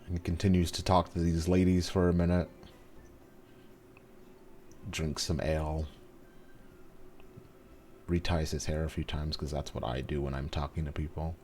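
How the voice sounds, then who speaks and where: A man's voice: rumbling low, little pitch movement, normal speed, long pauses, a little mellow, a little hiss or hum. A man playing in a tabletop game, describing his character in a laid-back way. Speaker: player. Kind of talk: casual tabletop play.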